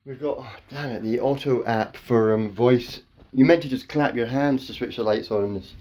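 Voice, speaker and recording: A man's voice: mid-range voice, normal speed, dark tone. A man rambling through silly improvised wordplay at home as a comedian, his mouth a bit dry. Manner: playful, silly wordplay, slips into daft voices.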